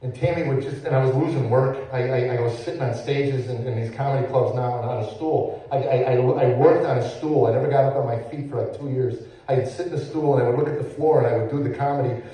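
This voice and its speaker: A middle-aged man giving his personal testimony at church, halting and repeating words, swinging from hushed to loud. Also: medium pitch. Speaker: testimony speaker, former comedian. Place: church sanctuary. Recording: echoey church hall, mic far off.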